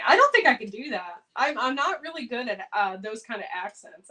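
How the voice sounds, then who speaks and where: A woman's voice: a little high, big pitch swings, fairly quick, few pauses, pushed and bright, poor audio. A woman chatting casually on a cooking livestream, laughing and reacting to viewer comments. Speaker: home canning livestream host.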